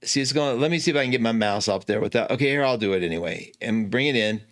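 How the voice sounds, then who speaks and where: A man hosting an astrology show, explaining a chart in a chatty, animated way that keeps correcting itself, with easy laughs. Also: medium pitch, fast talker. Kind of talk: casual teaching talk.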